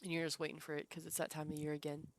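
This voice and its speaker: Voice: medium pitch, completely flat delivery, very fast. Chatty streamer with light Southern lilt. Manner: chatty, reacts to chat, laughs often. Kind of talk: casual gameplay commentary.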